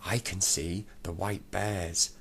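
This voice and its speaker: A man's voice: low-pitched, fairly even intonation, slow, fairly bright tone, slight background noise, exaggerated voice. A man voicing a big, stern father bear in a storybook, with a growly voice. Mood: mournful.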